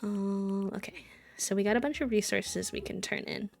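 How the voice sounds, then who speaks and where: A woman's voice: medium pitch, steady tone, normal speed, gravelly, faint music behind. A woman from Wisconsin chatting casually and rambling as a live streamer while she plays a video game. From Wisconsin, USA.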